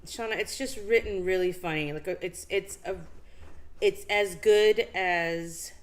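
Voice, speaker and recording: A woman co-hosting a casual live-stream chat, telling a story with lots of fillers and acted-out bits. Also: a little slow. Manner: animated storytelling, acts out scenes with high squeals and laughs; many fillers and restarts. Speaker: podcast co-host.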